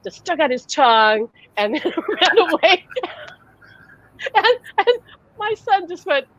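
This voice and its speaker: A woman's voice: high voice, expressive, normal speed, no echo, dull audio. A woman who works as a psychic medium, hosting a live-streamed conversation and telling stories animatedly over a video call, laughing often.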